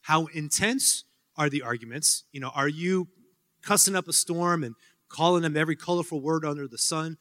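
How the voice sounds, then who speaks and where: A man with a fairly high, somewhat bright voice talks at a normal speed during a casual Q&A, responding to students. He rambles with lots of fillers and joking asides. The recording takes place in a hall with long reverb.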